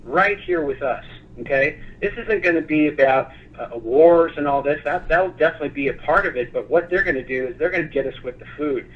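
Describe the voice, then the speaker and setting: A man's voice: fairly high pitch, brisk. Passionate man, slightly dull recording. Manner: passionate, animated, lively storytelling. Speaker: guest. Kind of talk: talk show interview.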